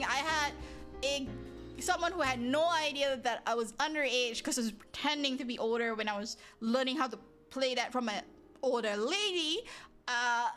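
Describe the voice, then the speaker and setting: A woman hosting a live stream, chatting casually with viewers, rambling, breaking off mid-sentence and often laughing as she talks. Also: sits high. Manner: animated, rambling, frequent self-interruptions and exclamations. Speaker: livestream host. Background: soft background music.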